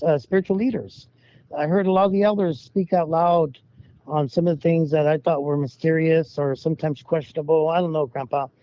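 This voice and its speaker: A man's voice: mid-range voice, warm tone, dry recording. A man telling personal stories in a rambling, casual way, acting out the voices of the people he quotes. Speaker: guest storyteller. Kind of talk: casual storytelling. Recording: dull lo-fi sound.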